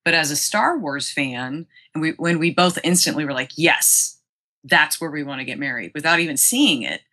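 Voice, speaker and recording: A middle-aged woman telling a long story in casual podcast chat, animated and quoting people as she goes. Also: low-pitched, fairly quick. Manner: chatty, animated, quotes people in raised voices. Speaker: podcast guest.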